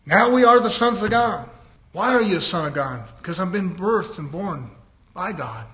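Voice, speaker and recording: High-voiced, bright preaching man. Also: lively intonation, moderate pace. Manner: preaching, rising to shouts and dropping low. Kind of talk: fiery sermon.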